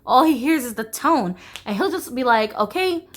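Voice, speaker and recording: A woman talking straight to camera in an open, rambling way, filling her sentences with "like" and swearing freely. Her voice sits a little on the high side, and the delivery feels like loose, everyday chat. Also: expressive, normal speed. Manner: candid, rambling, heavy use of "like", swears freely. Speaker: vlogger. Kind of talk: casual chat.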